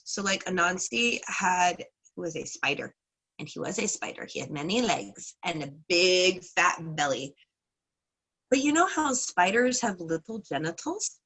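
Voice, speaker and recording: Bright, husky woman telling a folk tale. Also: on the low side, low-quality recording. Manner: chatty, hedging, playful. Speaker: class teacher. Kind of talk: casual lesson with folk storytelling.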